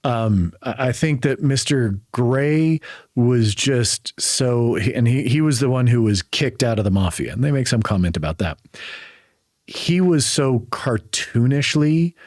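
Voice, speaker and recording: A man's voice: mid-range voice, expressive, a little slow, a little mellow, no echo, studio quality. A man co-hosting a podcast, talking casually about a film in a rambling way, with many restarts. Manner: rambling, frequent restarts and filler. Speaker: podcast co-host. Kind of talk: casual chat.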